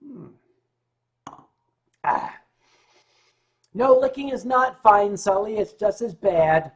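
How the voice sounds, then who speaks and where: A man hosting a livestream, chatting casually with his viewers and telling stories with big swings in pitch and loudness, stumbling and restarting when the subject turns serious. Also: expressive, slow. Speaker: livestream host answering chat.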